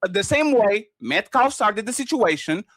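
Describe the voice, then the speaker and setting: A man's voice: high voice, big pitch swings, measured pace, a bit bright, dry recording. Combative man arguing in a debate. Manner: combative, informal. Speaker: debate opponent. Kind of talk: debate argument.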